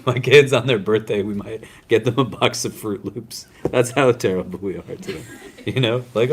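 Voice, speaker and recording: A man's voice: lowish voice, moderate pace, a little hiss or hum. A man teaching a casual religious class as an imam, talking conversationally with self-deprecating humor and often asking "right?" and "does that make sense?". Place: lecture room at a university Islamic center.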